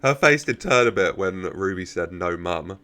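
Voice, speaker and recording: A man's voice: deep voice, expressive, moderate pace, bright, forceful tone. A man giving casual reaction commentary, chatting, laughing often and talking back to the characters on screen. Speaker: reaction video host.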